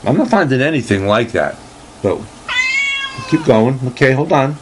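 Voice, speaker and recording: A man hosting a casual solo talk show, reading aloud haltingly with lots of fillers and restarts, and a dry, deadpan humor. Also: medium pitch, noisy background. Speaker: host.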